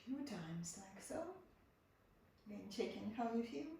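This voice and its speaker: A woman guides a yoga class with calm, repeated cues. She stands some way from the mic in a very echoey room, with a faint hum behind her. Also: medium pitch, slow pace, far from the mic. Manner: gentle, repeats soft cues. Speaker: yoga teacher. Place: home room.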